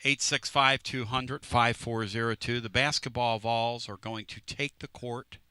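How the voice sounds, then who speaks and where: A man's voice: medium pitch, steady tone, measured pace, sharp tone, smooth, no echo. A man hosting a sports talk radio show, teasing his co-hosts and rambling through stories in a casual way. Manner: brash, rambling, teasing storyteller. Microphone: studio microphone.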